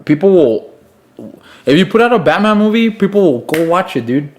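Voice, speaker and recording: Young male podcast co-host, casual and excitable, slangy buddy talk. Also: high voice, brisk, slight background noise. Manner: excitable, says "dude" constantly. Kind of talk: casual chat.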